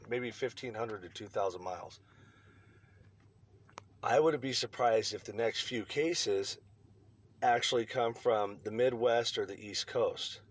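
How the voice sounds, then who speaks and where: A man delivering a blunt, profane opinion rant to his online viewers. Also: mid-range voice. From United States. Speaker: vlogger.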